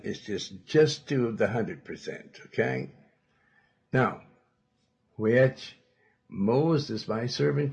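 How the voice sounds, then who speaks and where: Emphatic preacher man, gravelly and slow. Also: on the low side. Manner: emphatic preaching, with sudden loud bursts; quotes scripture in old-fashioned wording. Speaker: pastor. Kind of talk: sermon.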